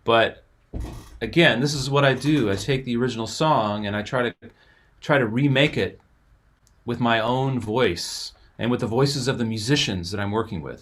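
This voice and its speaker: A man's voice: mid-range voice, fairly bright tone. A man hosting, casually explaining a music arrangement with enthusiasm as it plays. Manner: explanatory, enthusiastic, talks over playing music. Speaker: host and musician.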